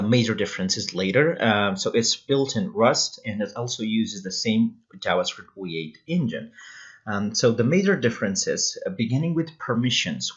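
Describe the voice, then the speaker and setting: A man talks through a programming tutorial in a casual, unscripted way, dropping frequent uh and um fillers and restarting words. His voice sits a little low and sounds slightly husky. The recording is dull and lo-fi. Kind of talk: casual screen tutorial explanation.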